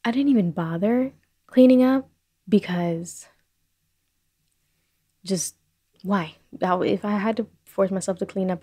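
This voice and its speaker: A young woman hosting a casual solo podcast from her bedroom, rambling and self-deprecating, talking fast. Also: mid-range voice, dark tone, husky, no room sound. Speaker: podcast host. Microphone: desk microphone on a short stand.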